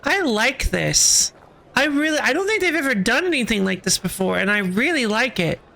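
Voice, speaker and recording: A streamer giving casual, excitable commentary while playing a story game. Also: mid-range voice, normal speed, gravelly. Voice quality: excitable, chatty.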